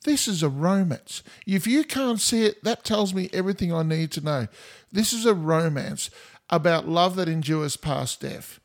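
A man's voice: a little high, expressive, normal speed. A man co-hosting a casual film chat, teasing and swearing freely, gushing about romance. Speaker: podcast co-host.

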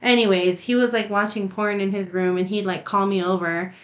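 A woman's voice: mid-range voice, fairly even intonation, brisk. A woman hosting a podcast in casual conversation, talking nonchalantly with a lot of swearing and filler "like"s and laughing between sentences. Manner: nonchalant, heavy swearing, frequent "like". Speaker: podcast host.

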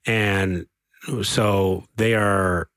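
Deep-voiced guy chiming in on a movie chat, halting, dry sound. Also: no echo. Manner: relaxed, halting, with restarts. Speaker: podcast co-host. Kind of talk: casual chat.

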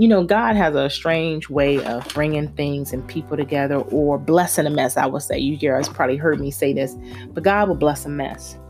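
A woman in her forties candidly telling a personal story, holding back tears and acting out the voices she quotes, with faint music behind her. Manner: candid, acts out quoted voices with big pitch jumps. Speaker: speaker sharing a personal story.

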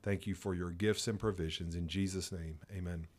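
A man's voice: sits low, fairly even intonation, normal speed, darkish tone. A man co-hosting a pastors' podcast, praying aloud and talking about faith in an earnest, emphatic way. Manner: earnest, emphatic, repeats words when stressing a point. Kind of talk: spoken prayer and podcast discussion.

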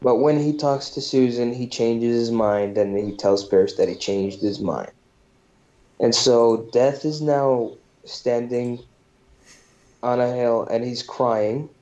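Slow, mellow man recapping a movie. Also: mid-range voice. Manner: loose and profane, with frequent fillers. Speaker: podcast host. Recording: dull lo-fi recording.

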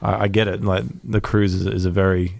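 A man's voice: deep voice, level tone, brisk, vocal fry, darkish tone, no echo. A man co-hosting a casual chat, hesitant and hedging his points with fillers.

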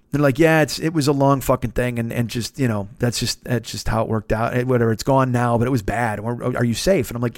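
A man's voice: medium pitch, fairly even intonation, fast talker, hardly any pauses, dry recording, clean studio sound. A man in his fifties hosting a comedy podcast, telling a long story in a casual, profane way, full of restarts and self-interruptions. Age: 50s.

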